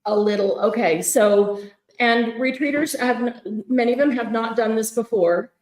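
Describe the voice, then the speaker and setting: A woman hosting a live craft fundraiser sale, chatting excitedly and greeting viewers by name, recorded in a large room on a mic draped with fabric. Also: a little high, normal speed. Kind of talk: live-stream chat. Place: large echoey event room at a craft retreat. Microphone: fixed room mic draped with fabric. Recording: echoey room, muffled tunnel sound.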